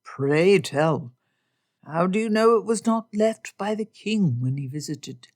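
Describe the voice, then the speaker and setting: This is a dry, wry young gentleman who speaks formally and keeps himself measured, voiced by a woman narrating an audiobook. His voice sits a little low. Every sentence sounds considered. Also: lively intonation. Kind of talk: audiobook character voice.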